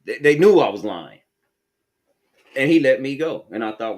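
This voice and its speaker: A man's voice: medium pitch, lively intonation, moderate pace, darkish tone. A man from Texas with a Texan accent, telling a profane, streetwise story in casual chat.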